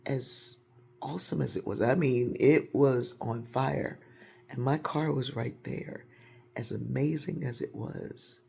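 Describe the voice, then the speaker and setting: Gravelly-voiced woman telling a lively story. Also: extremely low pitch. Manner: animated, gets louder and faster as the story builds. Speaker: storyteller sharing a personal story. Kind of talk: casual personal storytelling to camera.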